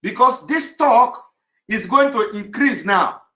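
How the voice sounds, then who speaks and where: Guy doing a live broadcast, high voice, keeps repeating himself hard, roomy echo. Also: expressive, slow. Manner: insistent, repetitive, forceful oratory. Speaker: activist leader giving a live broadcast. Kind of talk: live online address to followers.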